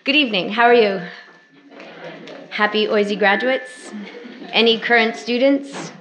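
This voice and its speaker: A woman around forty, an academic guest speaker, giving a public lecture to alumni with wry, self-deprecating humor in a brisk, conversational way. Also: fairly high pitch, a bit bright, slight background noise. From Canada.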